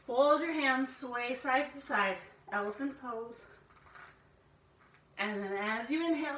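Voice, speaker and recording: A woman's voice: high-pitched, fairly bright tone, roomy sound, distant mic, rough recording. A woman instructor guiding a family yoga class, playfully cueing breaths and inviting animal sounds.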